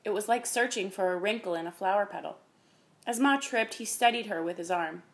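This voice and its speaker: A woman reading a children's chapter book aloud in a calm, even manner. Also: medium pitch, brisk. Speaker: reader. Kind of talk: storybook reading.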